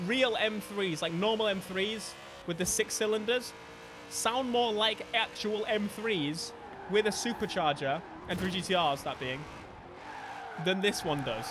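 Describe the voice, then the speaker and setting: A young man, giving animated, jokey live gameplay commentary as a streamer, with sudden bursts of mock outrage. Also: sits high. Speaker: gaming streamer.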